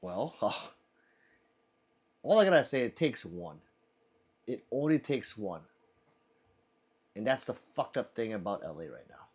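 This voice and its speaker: A man's voice: on the low side, sing-song, takes it slowly, long pauses, husky. A man hosting a casual livestream, reading chat aloud, laughing often and swearing freely.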